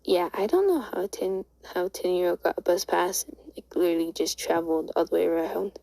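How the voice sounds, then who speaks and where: A woman's voice: lowish voice, brisk, vocal fry, warm tone, no room sound, low-quality recording. A woman casually retelling a fan story aloud, rambling and stammering with many restarts. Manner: rambling, stammering, full of "and then" and "like".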